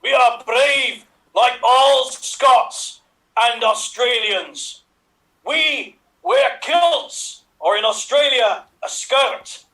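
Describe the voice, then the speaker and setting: Man doing a Scottish warrior, boastful, silly monologue, bright sharp tone, echoey video call. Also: very high voice, extremely slow, distant mic, exaggerated voice. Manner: declaiming a silly dramatic monologue. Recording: echoey room, off-mic.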